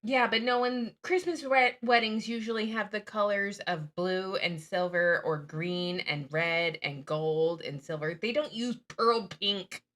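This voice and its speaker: A woman's voice: mid-range voice, measured pace, hardly any pauses. A woman host chatting casually and sarcastically while reacting to videos and telling stories. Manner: sarcastic, animated storyteller. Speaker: channel host. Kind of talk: casual commentary chat.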